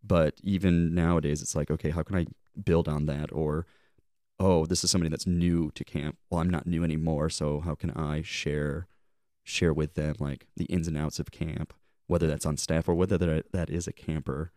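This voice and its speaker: A man's voice: a bass voice, level tone, normal speed, warm tone, no room sound, studio quality. A man co-hosting a podcast, reflecting on his summer leading camp in a rambling, heartfelt way, often restarting his sentences. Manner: rambling, self-correcting, heartfelt. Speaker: podcast co-host, camp leader. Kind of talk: casual reflective podcast chat.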